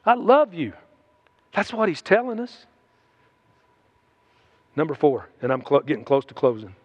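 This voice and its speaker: A man's voice: mid-range voice, very animated, moderate pace, muffled recording. A man preaching a sermon in a folksy, conversational way, mixing in humor.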